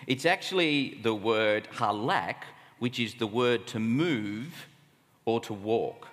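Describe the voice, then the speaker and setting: A man's voice: mid-range voice, very animated, measured pace, fairly bright tone. A man with an Australian accent preaching a sermon at a camp, conversational and full of rhetorical questions. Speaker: camp speaker. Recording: long hall reverb.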